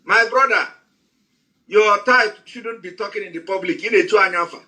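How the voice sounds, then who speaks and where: Casting: high-pitched man, sharp and forceful, heated scolding speech. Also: moderate pace, rough recording. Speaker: speaker on an audio space. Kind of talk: heated address.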